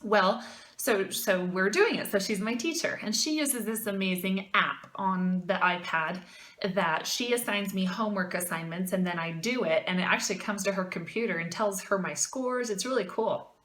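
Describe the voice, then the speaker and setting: A woman fitness vlogger telling a personal story to her viewers in a casual, animated and emphatic way. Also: mid-range voice, normal speed, reverberant.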